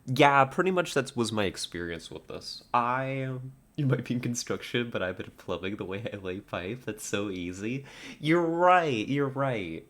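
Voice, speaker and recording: A man's voice: medium pitch, expressive, unhurried, fairly bright tone. A man streaming live, chatting casually with viewers, laughing often and stumbling over his words. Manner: giggly, stammering, reads out chat puns.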